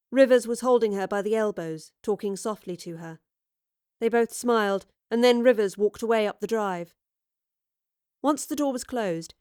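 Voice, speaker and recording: A woman narrating a serial story aloud with measured, vivid storytelling. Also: mid-range voice, no room sound, clean studio sound. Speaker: audiobook narrator.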